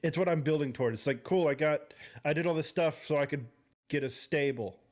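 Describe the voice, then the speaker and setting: A man's voice: a little high, a little fast, darkish tone. A man co-hosting a podcast in casual chat, wry and complaining, often laughing. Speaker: podcast co-host.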